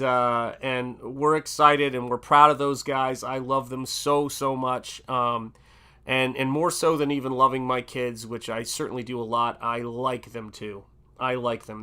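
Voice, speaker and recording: A man's voice: medium pitch, clear, resonant tone. Chatty Southern man hosting a stream. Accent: Southern American. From American South. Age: middle-aged. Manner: rambling, warm and chatty with many fillers. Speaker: livestream host. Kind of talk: casual livestream chat.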